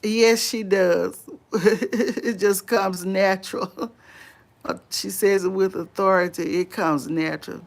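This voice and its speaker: A woman talks to her live-stream viewers in an easy, unhurried way as she walks outdoors. Her pitch sits in a middle range, and she chats in a friendly, rambling manner with frequent laughs. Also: fairly even intonation, gravelly. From Louisiana. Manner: unhurried, chatty, laughs often. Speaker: vlogger host. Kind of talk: casual live-stream chat answering viewers. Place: outdoors on a walk.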